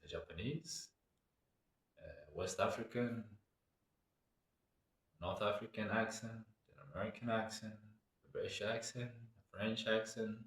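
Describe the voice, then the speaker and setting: Low-voiced guy w a rambling thoughtfully, sounds far off in a roomy space. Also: a bit bright. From Botswana. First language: Setswana. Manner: reflective, meandering. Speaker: cultural commentator. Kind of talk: casual monologue. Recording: echoey room, away from mic.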